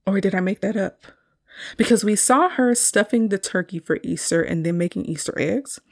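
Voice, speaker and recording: A woman's voice: mid-range voice, moderate pace, creaky. A woman hosting a solo review podcast, retelling a film scene in a chatty, casual way and laughing often.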